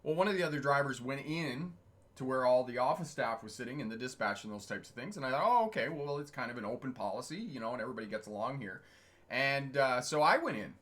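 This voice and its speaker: A middle-aged man with a bright, clear-toned voice telling stories on a casual livestream. He talks in a chatty, digressive way and chuckles often between stories. He stops now and then to answer viewers' comments. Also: mid-range voice, animated, quick pace. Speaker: truck driving instructor and channel host. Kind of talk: casual livestream storytelling, reading chat comments.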